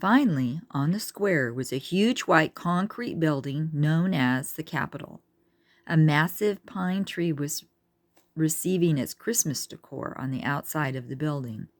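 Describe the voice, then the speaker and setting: A woman reading a children's book aloud, unhurried, with chatty asides to her listeners. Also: sits low, animated, no room sound. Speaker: reader.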